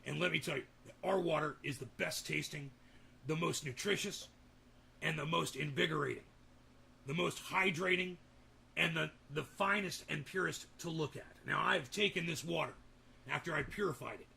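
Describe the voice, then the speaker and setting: Give me a brash, high-energy internet pitchman hard-selling water filters in a bright, gravelly voice, as a man puts him on. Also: normal speed, full character voice. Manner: booming hard-sell, boastful superlatives. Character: bombastic male online water-filter pitchman.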